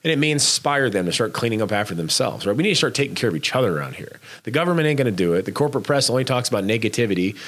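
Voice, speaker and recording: A man's voice: medium pitch, expressive, very fast, hardly any pauses, fairly bright tone. A man co-hosting a casual chat, urging listeners to be kind, talking emphatically and bluntly with frequent restarts.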